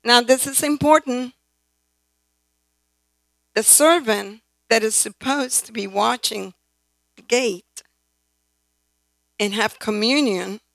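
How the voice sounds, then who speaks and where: A woman's voice: on the high side, creaky, a bit bright, dry recording, poor audio. A woman preacher delivering a sermon, emphatic, often calling out "right?" and "amen?" to the congregation. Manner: emphatic, calls for responses from the congregation.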